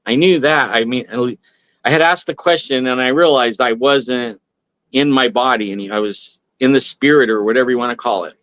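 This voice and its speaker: A man's voice: mid-range voice, normal speed, fairly bright tone, no room sound. A man telling a personal story on a talk radio show, rambling with many restarts and fillers. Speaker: guest. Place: radio studio.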